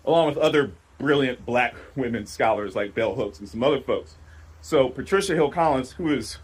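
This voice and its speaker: Passionate man lecturing, husky voice. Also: medium pitch, low-quality recording. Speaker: speaker in a played talk clip. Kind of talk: lecture-style talk.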